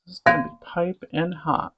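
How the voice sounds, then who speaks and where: Over loud music, a woman with a light Southern accent hosts a casual cooking demonstration from her home kitchen, chatting and humming as she savors each bite. Her lowish voice is steady and moderately paced, with vocal fry, in a dull lo-fi recording.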